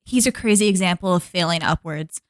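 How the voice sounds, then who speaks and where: A woman's voice: on the low side, a little fast, no room sound. A woman co-hosting a podcast, chatting casually, laughing often and rambling with many restarts. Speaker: podcast co-host. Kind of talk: casual chat.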